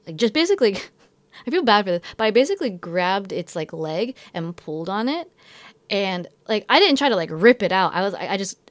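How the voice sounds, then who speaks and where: A woman's voice: medium pitch, big pitch swings, a little fast, no room sound. A young woman who teaches in Japan, telling a story in a casual vlog, rambling and filling her talk with "like" and self-corrections.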